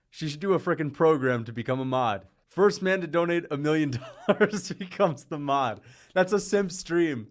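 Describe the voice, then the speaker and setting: A man streaming live, rambling in casual chat, joking and often laughing, slipping into mocking impressions. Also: medium pitch. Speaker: livestreamer. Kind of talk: casual livestream rant.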